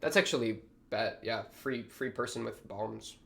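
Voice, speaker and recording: A young man hosting a reaction video, talking casually and excitably with a lot of slang as he reacts to what he watches. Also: lowish voice, measured pace, gravelly. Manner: excitable, slangy, thinks aloud.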